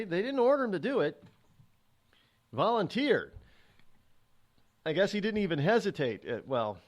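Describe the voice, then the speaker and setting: A man hosting a talk show, commenting on a news story in a loose, halting way full of restarts and asides. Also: medium pitch. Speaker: radio show host. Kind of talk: rambling solo commentary on news.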